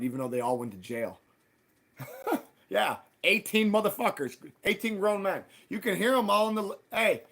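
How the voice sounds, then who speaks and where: A man hosting a live stream, telling a heated, profane story and acting out both sides of past arguments. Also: on the high side. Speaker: livestream host.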